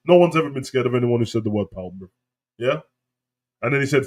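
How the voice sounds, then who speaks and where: A young man giving casual, mocking live reaction commentary, swearing often and quoting lines in put-on high voices. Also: brisk, darkish tone. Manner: mocking, profane, jumps into high mimicking voices. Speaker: wrestling reaction host.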